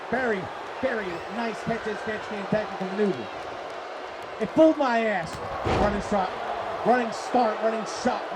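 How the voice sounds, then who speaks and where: Excitable high-voiced wrestling commentator. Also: male voice. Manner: excitable, profane, often shouting. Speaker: play-by-play commentator. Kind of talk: live wrestling commentary on a stream. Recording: streamed commentary over crowd noise.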